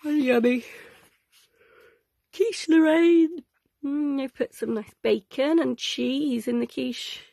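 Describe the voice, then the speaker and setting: A woman's voice: high voice, steady tone, unhurried, vocal fry, hardly any pauses, a little mellow, no room sound. Sleepy, sing-song woman, close and dry. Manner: cosy, chatty and sing-song, stretching out dish names. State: sleepy, yawning. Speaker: host reading a vintage cookbook to children. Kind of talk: gentle read-aloud for children.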